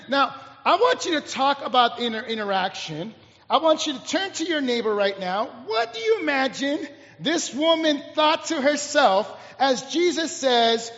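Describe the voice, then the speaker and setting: A man with a very high voice preaches a lively sermon, acting out the voices of the people in his story. The sound is dull and muffled, with long reverb from a big hall. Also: moderate pace. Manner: animated storytelling, acting out both sides of dialogue. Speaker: pastor. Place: church hall.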